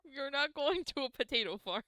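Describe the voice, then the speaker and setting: A woman's voice: high-pitched, animated, normal speed, sharp tone, no room sound. A woman running a tabletop game as game master, teasing her players in a folksy way. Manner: laughs often, folksy teasing.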